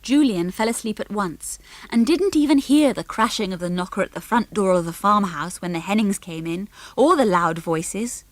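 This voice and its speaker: A woman's voice: medium pitch, animated, no room sound. Woman reading a children's story. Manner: clear, measured storytelling. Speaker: audiobook reader. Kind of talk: scripted narration.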